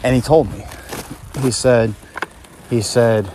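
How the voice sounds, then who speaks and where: A man's voice: medium pitch, takes it slowly, pauses often. A man telling rambling personal stories as a podcast host, heated and profane, with many fillers and restarts. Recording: steady audible noise with clicks.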